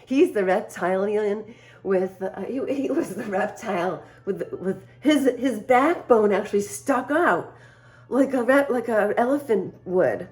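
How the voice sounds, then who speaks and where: A woman's voice: mid-range voice, expressive, measured pace, darkish tone. A woman vlogger telling a personal story to her viewers in a casual way, laughing often between lines and acting out what people said. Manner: confiding, speaks straight to viewers.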